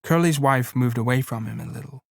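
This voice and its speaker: A man narrating a novella in a measured, plain storytelling reading. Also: medium pitch, gravelly, no echo, clean studio sound. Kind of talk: audiobook reading.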